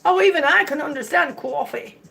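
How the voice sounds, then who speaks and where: An older woman from Miami with a high voice tells a rambling story in casual chat. Her accent mixes the American South and the Midwest. She sits a little back from the mic, and faint music plays behind her. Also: lively intonation, brisk, creaky, fairly bright tone, far from the mic, rough recording. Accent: mixed American Southern and Midwestern. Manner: chatty storyteller, rambling with restarts. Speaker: vlogger.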